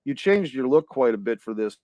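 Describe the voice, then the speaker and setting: A man co-hosting a podcast on a video call, asking questions in a halting way as he searches for words. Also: mid-range voice, sing-song, warm tone, dry recording, lo-fi sound. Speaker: podcast co-host. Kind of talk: casual podcast chat.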